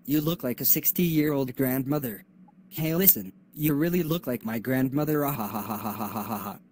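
A man's voice: mid-range voice, moderate pace, darkish tone, a little hiss or hum, close to an everyday voice. A male student voicing a mocking schoolboy bully in a class video, with taunting, cackling delivery.

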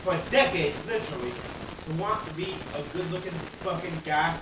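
A man ranting in a rough, heavily profane rant, bursting into shouts and loud laughs. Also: on the high side, normal speed. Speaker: amateur rapper vlogging. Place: outdoors on a street. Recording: very echoey, distant from mic, noisy.

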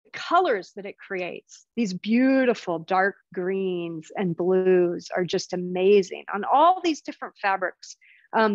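A woman's voice: medium pitch, no room sound. Woman presenting on a muffled video call. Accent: American. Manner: chatty, apologetic through tech glitches. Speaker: presenter of an online talk. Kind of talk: casual live-stream presentation. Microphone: video call setup. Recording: dry, slightly muffled video call audio.

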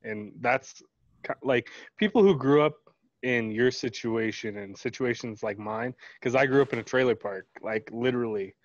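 A man in his twenties, a podcast host speaking bluntly and profanely in an unhurried, casual way. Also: medium pitch, no echo. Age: 20s. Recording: dull lo-fi dry mic.

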